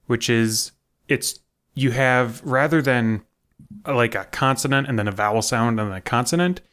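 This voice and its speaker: A man co-hosting a podcast, explaining a point in casual chat with halting restarts. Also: medium pitch, fairly bright tone. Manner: explains carefully with hesitant restarts. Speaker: podcast co-host.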